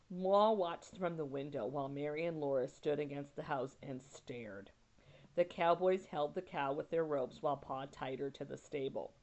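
A woman teacher at home, reading a children's novel aloud and pausing to explain words with casual asides. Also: low-pitched. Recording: dull lo-fi recording.

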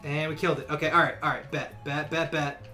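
A young male streamer talks through his game casually, rambling and filling gaps with "uh" and "like." His voice is bright and a touch high. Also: steady tone, fast talker, faint music behind. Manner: rambling, full of fillers. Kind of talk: casual gameplay commentary.

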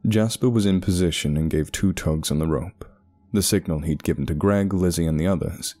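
A man narrating a horror story in a measured, ominous way. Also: low-pitched, mellow. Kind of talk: scripted narration. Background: faint music.

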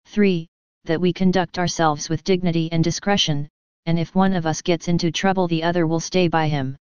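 A woman reading an audiobook in steady, measured scripted narration. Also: fairly low pitch, clear, resonant tone, dry recording. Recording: dull, dry, lo-fi audio.

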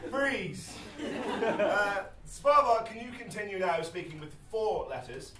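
A man hosting a live improv comedy game, giving halting instructions between chuckles. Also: high voice, bright, forceful tone, slight background noise. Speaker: improv show host. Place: live theatre stage. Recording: echoey theatre, distant mic.

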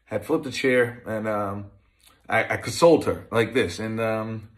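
This man's voice is fairly low and his pace measured. In his thirties and from Massachusetts, the ex-pro football player shares his life story conversationally, with lots of fillers and starts over again and again.

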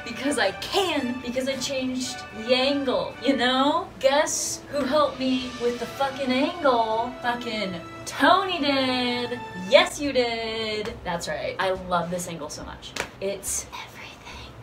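A woman's voice: sits high, takes it slowly, few pauses. A young woman rambling to her camera in a dorm room at night, giggly and profane, tired and with a cracking voice. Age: young adult. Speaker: vlogger. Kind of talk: casual rambling vlog. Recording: distant camera with faint music.

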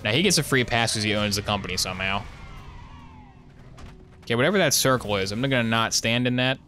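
A man's voice: medium pitch, brisk, sharp tone, soft background music. A young man giving casual, sarcastic live commentary while playing a shooter, rambling into jokey asides. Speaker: gaming streamer.

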